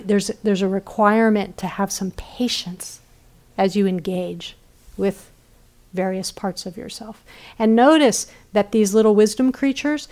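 A medium-pitched woman teaches meditation at a retreat center, offering a soft-spoken dharma talk. She keeps checking on how her listeners are doing, and her phrases tend to fade away gently.

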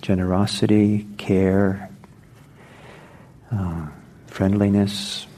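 Slow, husky-voiced man giving a dharma talk. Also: lowish voice, warm tone. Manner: unhurried, reflective, with frequent pauses and restarts. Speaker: meditation teacher. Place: meditation center.

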